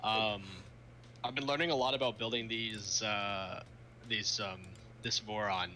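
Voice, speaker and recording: Young dude on a stream, super bright voice, rambly, laughs a lot, bit of hiss behind. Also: male voice, fairly low pitch, steady tone, measured pace. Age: young adult. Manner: chatty, laughs often, trails off mid-sentence. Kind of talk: casual chat on a live stream. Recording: faint background noise.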